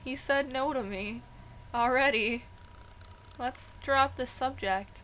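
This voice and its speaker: A woman's voice: high voice, slow pace, lo-fi sound, slight background noise. A young woman telling a personal story in a casual vlog, acting out the voices of the people in it and laughing often. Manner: animated, acts out quoted voices, laughs often. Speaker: vlogger. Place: indoors near a passing train.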